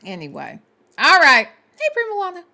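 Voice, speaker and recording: High, lively, bright-voiced woman host. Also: normal speed, gravelly. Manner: blunt and profane, talks straight to viewers. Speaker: show host. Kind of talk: casual livestream chat, reading viewer comments.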